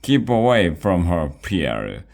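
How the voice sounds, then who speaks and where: A man's voice: deep voice, very animated, slow pace, gravelly, a little mellow, heavily acted. A man voicing a blustering storybook king. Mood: commanding.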